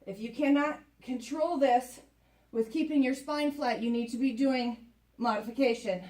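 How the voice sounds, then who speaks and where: Higher-pitched woman coaching a workout. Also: normal speed, darkish tone. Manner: chatty, encouraging, counts down reps. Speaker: fitness instructor. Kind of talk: workout coaching while exercising. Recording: echoey room, voice from a distance.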